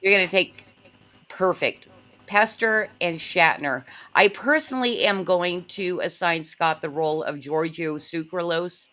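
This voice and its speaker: A woman hosting a comedy live-read on a video call, briskly handing out roles and laughing easily. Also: lowish voice, sharp tone. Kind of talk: casual chat and assigning roles.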